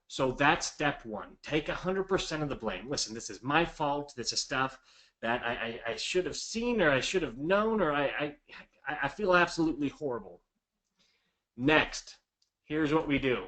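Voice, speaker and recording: Energetic male sales trainer. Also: a little high. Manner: drops to a quiet, halting, apologetic voice when acting out calls. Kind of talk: instructional talk with role-play examples.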